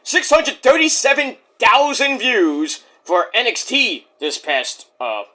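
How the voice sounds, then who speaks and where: A man's voice: extremely high pitch, expressive, slow, bright, forceful tone. A man casually reviewing a wrestling show in a rambling, jokey, profane way.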